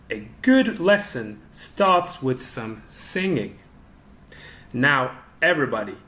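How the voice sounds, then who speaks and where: A man teaching an online English lesson for young children, giving instructions slowly and clearly. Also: fairly high pitch, fairly bright tone. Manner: slow, clear instructional delivery.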